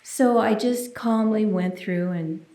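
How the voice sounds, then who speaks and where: A woman preaches at an unhurried pace, telling a personal testimony in an earnest, intimate way. Her voice sits at a middle pitch and now and then drops to a hushed near-whisper. The sound is roomy and echoey, as in a church sanctuary. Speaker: minister giving a sermon.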